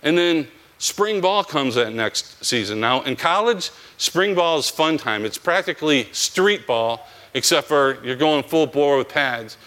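Man, conversational storytelling, animated, acts out dialogue, bright forceful voice, slightly high. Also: unhurried, hardly any pauses. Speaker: guest telling his life story.

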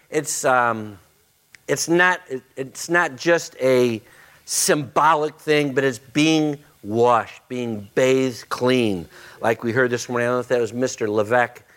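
A man, a pastor making church announcements with joking banter before starting his sermon. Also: medium pitch. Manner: joking, warm-hearted banter with the congregation. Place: church auditorium.

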